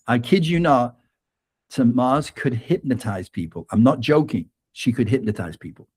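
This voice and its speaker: A man's voice: medium pitch, animated, moderate pace, a little mellow, slightly rough. A man guest on an interview podcast, telling a personal anecdote with frequent laughs and "right?" tags. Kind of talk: conversational storytelling interview.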